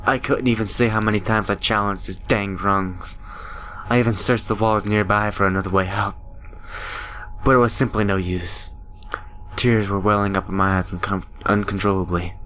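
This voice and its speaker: A man's voice: lowish voice, steady tone, moderate pace, fairly bright tone, slight background noise. Young man dramatically reading a game. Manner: dramatic reading with joking asides. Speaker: gaming YouTuber. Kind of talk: reading a visual novel aloud with commentary.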